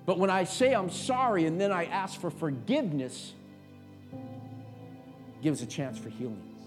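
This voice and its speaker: A middle-aged male pastor preaching a sermon, swinging from quiet talk to shouted, impassioned passages. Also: high voice, expressive, measured pace, soft background music.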